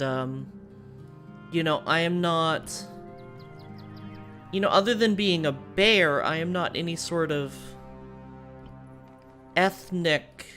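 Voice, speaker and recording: An American woman streamer with a General American accent plays a strategy game, chatting casually and thinking aloud in a thoughtful, digressive way. Her voice is deep and a bit bright.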